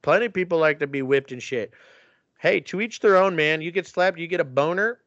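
A man's voice: fairly high pitch, a little fast, fairly bright tone, dry recording, highs cut off. A man casually recapping a movie on a podcast, crude and mocking as he rants. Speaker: podcast co-host.

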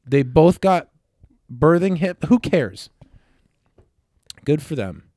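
A man co-hosting a casual podcast, bantering with lots of swearing and excitable outbursts. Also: a little high, slow, no echo. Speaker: podcast co-host. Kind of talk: casual chat.

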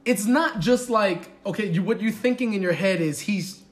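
A man co-hosting a podcast, telling a story in an animated, profane way and acting out the people in it. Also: high-pitched, normal speed. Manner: animated, profane, acts out the people in his stories. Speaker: podcast co-host. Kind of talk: casual storytelling chat.

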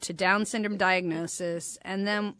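A woman's voice: mid-range voice, a little slow, no echo. A middle-aged woman hosting a talk show, telling a personal story and acting out the dialogue. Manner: animated, acts out quoted dialogue. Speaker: host.

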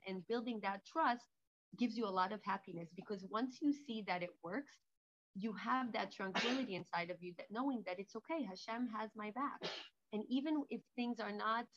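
Animated woman telling stories, lo-fi. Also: medium pitch. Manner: animated storytelling, many restarts. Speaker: speaker. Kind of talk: informal holiday talk. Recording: dull lo-fi recording.

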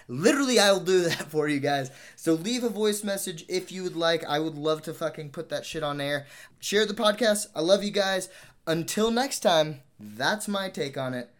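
A man's voice: a little high, expressive, moderate pace. A young man hosting a podcast, signing off and giving a disclaimer in a profane, joking, rambling way. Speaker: podcast host. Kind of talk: casual podcast outro and disclaimer.

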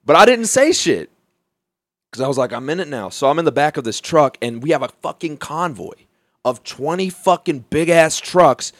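Profane, animated young man telling a story. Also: a little high, normal speed, no room sound. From Alabama. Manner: profane, animated, laughing often. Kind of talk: casual storytelling.

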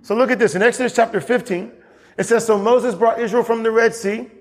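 A pastor preaching a sermon in a church, getting animated and climbing high as he acts out scripture. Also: brisk, big-room sound.

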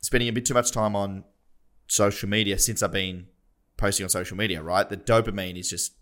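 A man's voice: on the low side, steady tone, a little fast, a bit bright. A young man, co-hosting a podcast in casual, self-deprecating chat. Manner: self-deprecating, rambling with restarts. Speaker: podcast co-host.

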